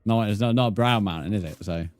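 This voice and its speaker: A man's voice: fairly low pitch, fast talker, faint music behind. A young man streaming a game live, bantering with his chat, swearing and laughing often. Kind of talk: casual live-stream chat while gaming.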